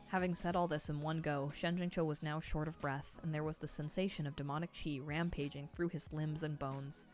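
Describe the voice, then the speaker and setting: A woman's voice: deep voice, steady tone, brisk, hardly any pauses, darkish tone, faint music behind. A woman reading a novel aloud expressively and breaking off for emotional asides. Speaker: novel reader.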